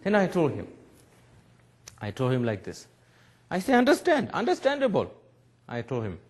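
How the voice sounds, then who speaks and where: Animated man in his forties telling stories. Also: medium pitch, moderate pace. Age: 40s. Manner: animated storytelling in broken English, laughing often. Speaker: Buddhist teacher. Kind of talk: public talk. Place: webcast lecture.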